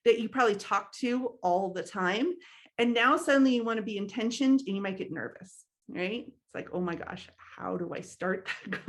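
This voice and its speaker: A young adult woman leading a training workshop, talking in a conversational way with frequent fillers and small laughs. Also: a little high. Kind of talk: instructional talk.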